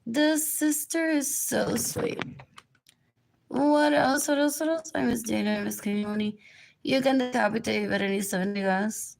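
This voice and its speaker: A woman's voice: fairly high pitch, measured pace, creaky, slight background noise. A woman rambling through a livestream monologue, drifting between topics and repeating herself.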